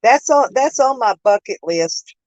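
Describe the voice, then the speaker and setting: A woman hosting a live chat stream talks casually with viewers, laughing a lot and using their names. Her voice is a little high, expressive and darkish in tone, with a measured pace. The phone recording has no echo, but the highs are cut off.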